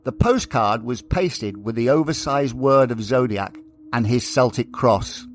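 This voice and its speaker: A man reading scripted true-crime narration for a podcast, slowing down deliberately when he reads out letters. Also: medium pitch, faint music behind.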